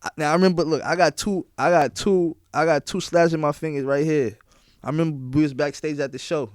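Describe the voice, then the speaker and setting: A man's voice: on the high side, steady tone, brisk, dry recording, clean studio sound. A young man, a DJ being interviewed on a podcast, telling stories in casual slang and often asking "you feel what I'm saying?". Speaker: guest DJ.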